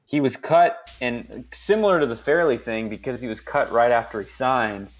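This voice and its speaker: A man's voice: medium pitch, normal speed. A man co-hosting a casual sports podcast, rambling with lots of fillers and restarts. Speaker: podcast co-host.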